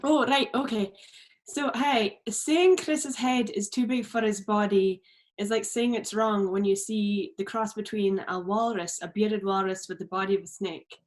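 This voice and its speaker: A woman's voice: medium pitch, fairly even intonation, a little slow. A woman with a Shetland Scottish accent playing a comedy game show panelist, dry and bawdy, on a video call. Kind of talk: comic banter.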